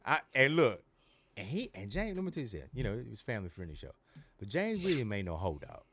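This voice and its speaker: A man's voice: mid-range voice, very animated, quick pace, fairly bright tone, dry recording. A man co-hosting a sports podcast, talking loosely and animatedly with slang and frequent laughs. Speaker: podcast co-host. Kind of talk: casual sports podcast chat.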